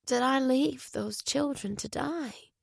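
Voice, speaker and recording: A woman reading a fragile young amnesiac hospital patient in an audiobook, with a soft, hushed voice. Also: sits high, slow, vocal fry, no room sound, clean studio sound, pitched above the performer's own voice, full character voice. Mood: distressed.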